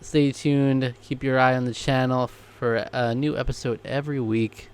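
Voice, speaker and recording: An easygoing man co-hosting a casual TV reaction chat. His voice sits at an ordinary middle pitch. He talks in a relaxed, conversational way and keeps the discussion moving. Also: moderate pace, clear, resonant tone. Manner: easygoing, chatty, wraps up the show. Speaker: co-host of a reaction show.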